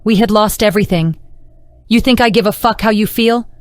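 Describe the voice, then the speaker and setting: A woman's voice: mid-range voice, brisk, dry recording, pitched above the performer's own voice, natural voice. A woman narrator voicing a defiant young woman warrior who screams her lines in fury. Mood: furious. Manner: screaming, fierce.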